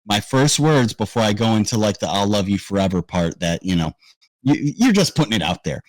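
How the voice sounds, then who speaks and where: Low-voiced man in a dry room. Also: big pitch swings, a little fast, a little mellow, dry recording, rough recording. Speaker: podcast co-host. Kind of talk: casual chat.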